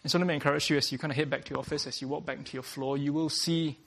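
Gravelly-voiced man preaching a sermon. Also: a little high, steady tone, rapid-fire, a bit bright, faint music behind. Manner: earnest preaching with frequent "uh" fillers and restatements.

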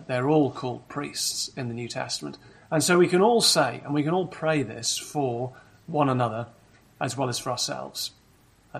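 A man preaching a sermon in a measured, explanatory way, often asking rhetorical questions of the congregation. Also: mid-range voice, creaky, a bit bright, husky.

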